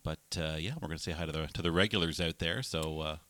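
A man's voice: extremely low pitch, fairly even intonation, fast, pushed and bright, no echo. A man co-hosting a live music stream, joking and laughing as he greets viewers in a casual chat. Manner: jokey, laughs often, chimes in with greetings.

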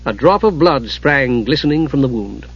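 A man narrating a fantasy audiobook in a steady, dramatic storytelling manner. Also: mid-range voice, normal speed, husky. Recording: dull lo-fi audiobook recording.

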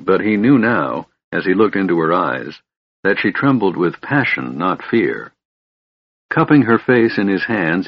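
A man narrating a fantasy novel in a measured, steady way. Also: low-pitched, husky, no room sound, muffled recording. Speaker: audiobook narrator.

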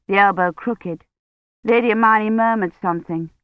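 A woman narrating an audiobook in a measured, even storytelling manner. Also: mid-range voice, no room sound. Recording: dull dry recording.

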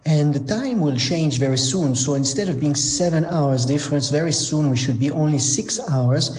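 A man with a husky voice, tired from a sleepless night, chatting as a wine expert guest on a radio show, laughing often and pausing on fillers. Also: on the high side, a little mellow, slight background noise. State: tired from being up all night. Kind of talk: casual radio chat.

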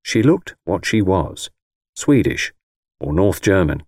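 A man with a low voice narrates a first-person novel, his pitch rising and falling in a lively, expressive way. His delivery is measured and wryly conversational, recorded close and dry with no room sound. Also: no room sound. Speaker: audiobook narrator.

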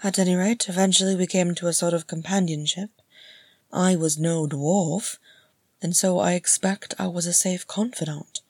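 A woman voicing an elderly male hobbit with a cracked, wavering voice, gentle and wistful, in a storybook reading. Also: fairly low pitch, steady tone, normal speed, husky, no room sound, studio quality. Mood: reminiscing.

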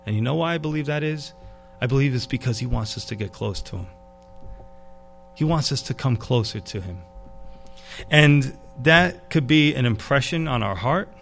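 A man preaching a sermon, animated and casual, dropping to a hushed tone for emphasis. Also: on the high side, normal speed, gravelly, pauses often, slight background noise. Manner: animated, drops to a hush for emphasis. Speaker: pastor.

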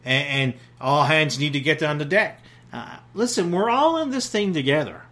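A man's voice: a little high, lively intonation, normal speed, bright, forceful tone. A middle-aged man from Newfoundland, a pastor preaching a sermon in a folksy, plain-spoken way, with many fillers and restarts.

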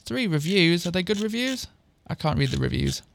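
A man reads fan fiction aloud with heavy mock drama, stopping for sarcastic asides. His voice sits high and leaps around a lot. The recording is dry and close. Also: very animated, moderate pace, vocal fry, no echo. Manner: mocking, exaggerated dialogue voices. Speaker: comedic reader of fan fiction.

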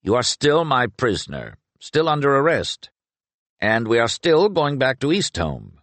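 A man's voice: mid-range voice, huge pitch swings, a little slow, a bit bright, no echo, pitched above the performer's own voice, full character voice. A man voicing a stern, dutiful male investigator who speaks firmly.

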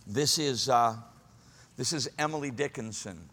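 A man preaching a sermon, swinging from loud, high exclamations to hushed, low asides. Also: normal speed, big-room sound. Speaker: pastor.

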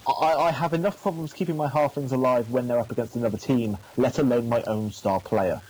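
Dry teasing man, mellow voice. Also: medium pitch, fairly even intonation, fairly quick, rough recording. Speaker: podcast co-host. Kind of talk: casual podcast chat.

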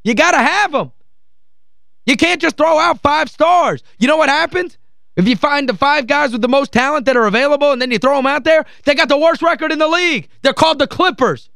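High-voiced ranting sports radio man. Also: brisk, vocal fry, pushed and bright, dry recording, clean studio sound. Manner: heated, exasperated, emphatic ranting; repeats phrases for emphasis. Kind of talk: call-in sports talk rant. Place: radio studio.

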